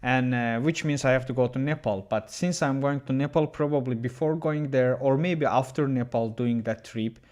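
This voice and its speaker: Male chess streamer, mid-pitched, chatty and halting, chats with viewers between moves. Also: a little mellow. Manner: chatty, reads viewer messages aloud and answers them; halting, often restarts his sentences. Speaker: chess streamer commenting a game. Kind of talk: casual livestream chess commentary.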